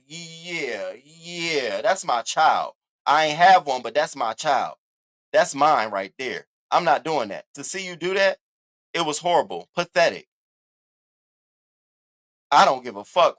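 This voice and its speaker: A man's voice: a little high, a bit bright. A man, hosting a casual, profane commentary rant aimed straight at his viewers. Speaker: commentary host.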